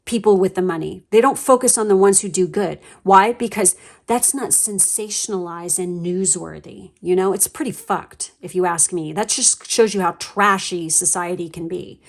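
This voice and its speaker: A woman at a middle pitch talks through a pick-a-card tarot reading. Her delivery is blunt and emphatic, full of swearing and fillers. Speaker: tarot reader.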